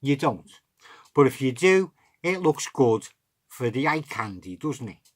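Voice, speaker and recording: A man's voice: mid-range voice, sing-song, unhurried. A middle-aged man with a chatty manner, explaining a card trick step by step and talking to himself as he handles the cards. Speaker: magic tutorial host.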